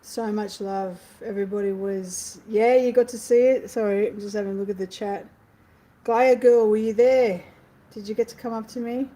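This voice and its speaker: Effusive Australian woman, slightly hoarse. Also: medium pitch, steady tone, fairly quick, few pauses, mellow, low-quality recording. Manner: chatty, effusive, greets viewers from the chat. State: losing her voice. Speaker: livestream host. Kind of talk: casual live chat. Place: apartment, indoors.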